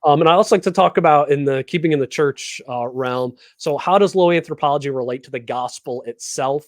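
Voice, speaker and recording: A man's voice: a little high, fairly quick, no room sound, clean studio sound. A man who hosts a book interview podcast and works as a pastor, asking questions in an affirming, conversational way with frequent fillers.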